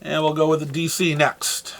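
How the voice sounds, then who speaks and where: A man's voice: on the high side, monotone, moderate pace, creaky, fairly bright tone. A man with a New England accent, running through the week's new comics in a casual, rambling way with many fillers and restarts. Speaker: comic shop host. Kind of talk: casual product rundown.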